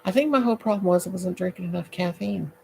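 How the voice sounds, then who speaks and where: Talking fast with vocal fry and a dark, fairly low voice, an older woman runs a casual late-night livestream from her home, greeting viewers by name at her laptop in a chatty, goofy way. The low-quality recording has slight background noise.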